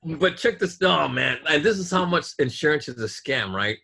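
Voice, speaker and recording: A man's voice: on the high side, animated, normal speed, creaky, bright, forceful tone, slightly rough. A man in casual chat, telling a story in an angry, profane rant.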